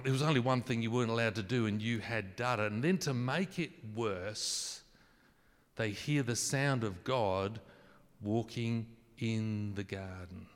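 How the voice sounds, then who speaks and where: A man with a mid-range voice preaches conversationally, putting questions to the congregation and joking about his own wording. A long reverb tail trails after his words.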